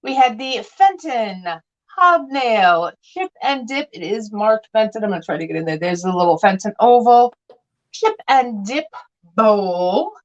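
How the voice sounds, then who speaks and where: A woman's voice: on the high side, lively intonation, unhurried, highs cut off. A woman selling vintage glass on a live sale, chatting and telling stories with playful voiced quotes.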